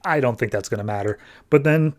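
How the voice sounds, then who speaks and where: A man's voice: mid-range voice, a little fast, a little mellow. Breezy man recapping comics. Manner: breezy, filler-laden retelling. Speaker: podcast host. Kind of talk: casual comic book recap.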